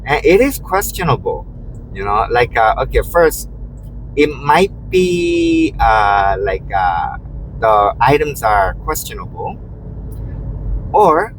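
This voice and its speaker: A man in a car telling stories in a rambling, easygoing way. His pitch swings widely as he talks, and he keeps restarting his sentences with "you know." A faint car hum runs underneath, picked up by a camera mounted in the car. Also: sing-song, takes it slowly, poor audio. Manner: acts out quotes in a raised voice. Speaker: rideshare driver. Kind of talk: casual storytelling while driving. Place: inside a moving car. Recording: faint car road noise.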